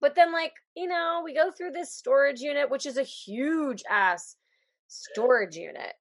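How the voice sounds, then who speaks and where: A woman's voice: high-pitched, a little slow, vocal fry. A woman co-hosting a casual chat, talking in a playful, joking way.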